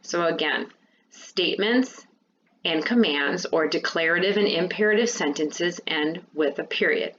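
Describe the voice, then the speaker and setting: A woman teacher giving a remote lesson to fifth and sixth graders, explaining patiently and clearly. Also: fairly low pitch, unhurried, fairly bright tone, highs cut off, a little hiss or hum.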